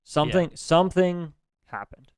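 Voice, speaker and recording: Hesitant man with a smooth voice. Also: fairly high pitch, moderate pace, dry recording, studio quality. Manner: hesitant, lots of ums and restarts, swears freely. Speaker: podcast co-host. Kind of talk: casual chat.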